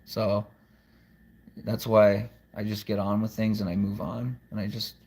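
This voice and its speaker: A man's voice: lowish voice, little pitch movement, a little slow, vocal fry, a little mellow. Man vlogging from home; loose, profane, rambling delivery. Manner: rambling, profane, frequent restarts. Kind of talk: casual rambling monologue.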